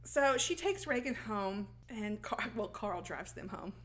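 A woman's voice: medium pitch, lively intonation, a little slow, crowd noise. A woman co-hosting a casual podcast, retelling a film's plot and laughing often as she goes. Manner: laughs often, acts out lines while retelling. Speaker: podcast co-host. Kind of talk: casual plot recap chat.

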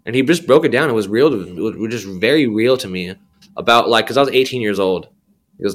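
A man's voice: fairly low pitch, expressive, quick pace. A young adult man sharing his faith story as a podcast guest, rambling with slang and many fillers. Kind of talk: candid personal testimony.

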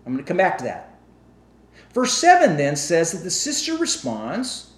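A male pastor preaching a sermon, animated and asking his congregation questions. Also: on the high side, normal speed, echoey room.

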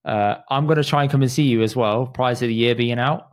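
A man hosts a casual podcast chat. He quizzes his guest in a relaxed way, with a voice of ordinary middle pitch. He swears offhandedly and keeps the talk loose. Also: brisk. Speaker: podcast host.

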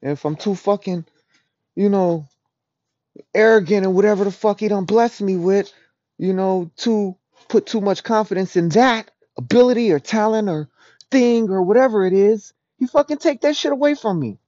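A man giving a raw, rambling, profane confessional monologue as a podcast host, often dropping to a low murmur. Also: moderate pace, mellow, dry recording. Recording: dull dry lo-fi recording.

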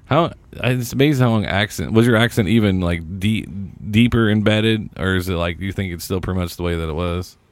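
A man's voice: sits low, a little fast, hardly any pauses, dry recording. A man with an Indiana accent co-hosting a podcast in a studio, teasing the others and laughing often. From Indianapolis area, USA. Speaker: podcast co-host. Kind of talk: casual chat.

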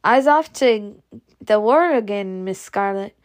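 A woman's voice: medium pitch, lively intonation, takes it slowly. A woman voicing an earnest young male servant who answers politely and respectfully.

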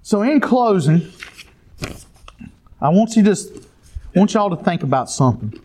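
Preacher with a lively, swooping voice. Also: male voice, sits high, a little slow. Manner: storytelling, addresses the congregation directly. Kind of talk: sermon.

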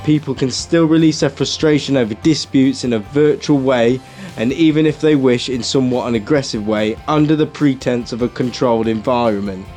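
A man's voice: medium pitch, a little fast, hardly any pauses, a little mellow. Guy cohosting a cheeky podcast, reads out his plan then banters, music faint behind. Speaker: podcast co-host. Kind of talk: casual comedic chat.

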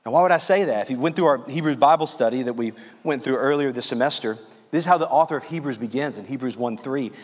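A man from Louisiana preaching a sermon as pastor, earnestly calling his listeners friends and slowing down on key phrases. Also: mid-range voice, big-room sound.

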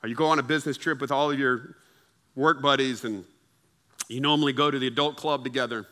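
A man's voice: mid-range voice, fairly even intonation, normal speed, pauses often, sharp tone. A male pastor preaching a sermon in a conversational way, acting out the voices of friends and coworkers to make his point. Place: church service with congregation.

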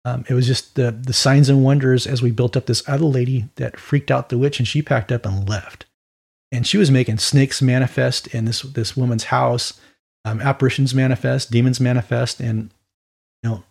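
A man preaching an informal Bible teaching in a conversational, animated way with quick asides. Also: mid-range voice, gravelly, husky.

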